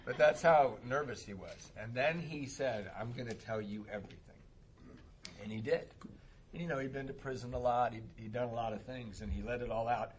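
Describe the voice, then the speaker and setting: A man speaking at a recovery meeting, telling a personal story in a casual, animated way and laughing often. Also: mid-range voice, moderate pace, a little hiss or hum. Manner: animated, laughs often, acts out voices in quotes.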